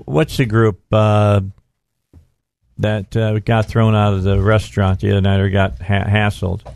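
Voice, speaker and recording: A man's voice: lowish voice, flat delivery, gravelly, darkish tone, clear, resonant tone. Man, middle-aged, radio talk host, rambling, restarts, casual studio chat. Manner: rambling, restarts mid-sentence, drawn-out emphasis.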